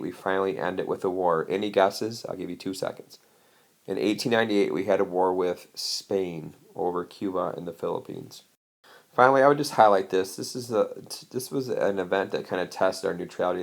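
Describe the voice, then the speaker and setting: A man's voice: deep voice, fairly even intonation, a little fast, vocal fry. A man teaching a history lesson in a casual, chatty way, explaining slides with frequent asides. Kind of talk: recorded lecture over slides.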